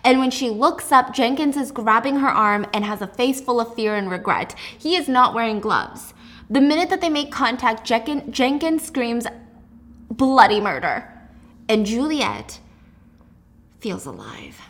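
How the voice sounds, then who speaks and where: A young woman retells a novel's plot in a casual, chatty way with a sarcastic edge. Her voice sits on the higher side, and she keeps things lively as she comments on the story. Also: normal speed. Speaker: host. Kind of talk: casual book recap with commentary.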